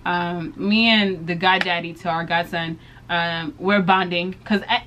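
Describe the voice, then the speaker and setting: A woman's voice: measured pace, dull audio, slight background noise. A young woman vlogger telling a story in casual chat, acting out what people said and laughing often. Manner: animated storyteller, acts out quotes with big pitch jumps, laughs often. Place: bedroom.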